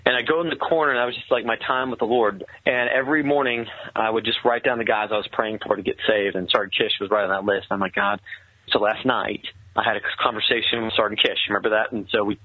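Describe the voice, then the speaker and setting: A man telling a personal story in earnest, halting conversational speech with many restarts. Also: fairly low pitch, steady tone, breathy edge, no echo. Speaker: guest telling his story. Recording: tinny, phone-like sound.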